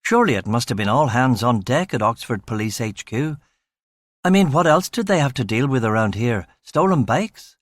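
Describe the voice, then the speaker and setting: A man reading a crime novel in the first person, in a measured, dry, matter-of-fact way. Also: medium pitch, expressive, no echo. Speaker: audiobook narrator. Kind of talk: scripted first-person audiobook narration.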